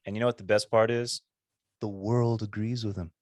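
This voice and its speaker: A man co-hosting a casual chat podcast, excitable, swinging from low mutters to eager bursts. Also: fairly quick, no echo, studio quality. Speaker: podcast co-host.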